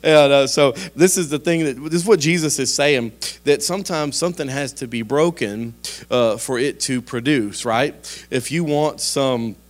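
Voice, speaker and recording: A man, a pastor preaching a sermon in a conversational, folksy storytelling style with sudden animated outbursts. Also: medium pitch, normal speed.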